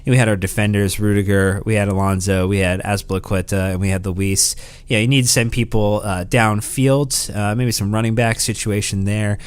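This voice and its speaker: A man's voice: lowish voice, steady tone, fairly quick, clear, resonant tone. A man co-hosting a football podcast, chatting in a friendly, playful way. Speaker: podcast co-host. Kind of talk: casual podcast chat.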